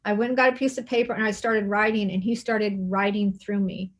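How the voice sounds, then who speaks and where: A woman hosting an interview, telling a personal story in a soft, hushed way and acting out the quoted dialogue. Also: mid-range voice, little pitch movement, brisk. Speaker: interview host.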